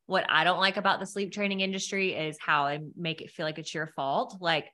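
Woman podcast host, slightly low voice, bright tone, candid, casual interview chat. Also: fairly even intonation, brisk. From America. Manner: candid and emotional, with frequent fillers and laughs.

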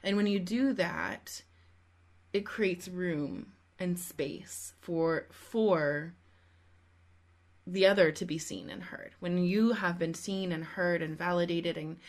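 A woman's voice: lowish voice, slow. A middle-aged woman hosting a parenting podcast, a couples therapist speaking in a reflective, emphatic way. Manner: reflective, emphatic, building on the guest's points. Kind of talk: podcast interview.

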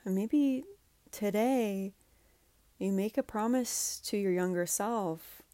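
A woman hosting a solo podcast, speaking earnestly and with feeling, often saying "like" and sometimes dropping to a soft, breathy voice. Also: medium pitch, slow, dry recording. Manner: earnest, heartfelt, says "like" often; drops to soft, breathy guidance during a breathing exercise. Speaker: podcast host, coach. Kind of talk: emotional solo podcast talk.

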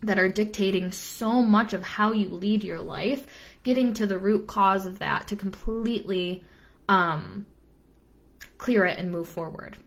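A woman's voice: medium pitch, a little slow. A young adult woman business coach giving an earnest live-stream talk, repeating phrases for emphasis and dropping casual asides.

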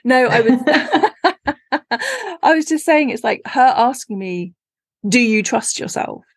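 A woman's voice: high voice, sing-song, slow, husky, no room sound, clean studio sound. A woman, a podcast guest and author, telling stories in a casual chat and acting out her own reactions with laughs. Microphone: remote call.

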